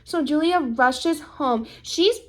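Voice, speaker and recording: A young woman in her twenties chatting casually as she recaps a drama episode, gushing and dramatic, full of fillers and quick asides to the listener, sometimes acting out characters' lines. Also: sits high. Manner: talks fast with lots of fillers and asides to the listener.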